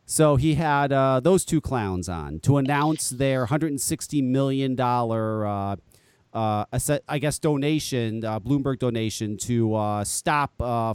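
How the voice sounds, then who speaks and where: A man's voice: mid-range voice, clean tone, no room sound. A man hosting a live call-in show in a casual, rambling way, with loose swearing along the way. His voice swings up and down a lot as he talks. The sound is dry and close, with no room around it. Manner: animated, rambling, swears freely. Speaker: podcast host. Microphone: headset.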